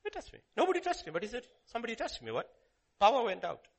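Emphatic, lively male preacher. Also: very high voice, fast talker. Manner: emphatic, repeats phrases, swings from loud calls to hushed lines. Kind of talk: sermon.

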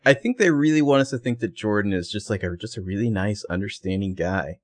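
A man's voice: fairly low pitch, a little fast. A man co-hosting a podcast, musing about a TV episode and asking lots of questions in casual chat. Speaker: podcast co-host.

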